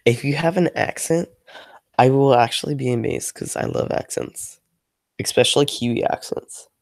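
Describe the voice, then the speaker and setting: A man's voice: mid-range voice, moderate pace, vocal fry, no echo. A man ranting casually on a livestream, rambling and frustrated, with lots of filler words and free swearing. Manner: swears freely. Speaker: ASMR channel creator, livestreaming.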